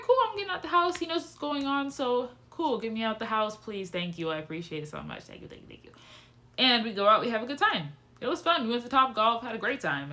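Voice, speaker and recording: Bright-voiced young woman vlogging candidly. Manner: animated and candid, with frequent swearing and lively pitch swings. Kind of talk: casual personal storytelling to camera.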